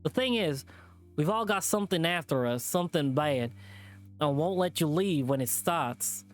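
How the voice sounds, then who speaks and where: A man voicing a menacing male hillbilly animal thug while reading a visual novel aloud, in a slow, drawling, threatening way. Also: on the high side, animated, faint music behind, lightly acted.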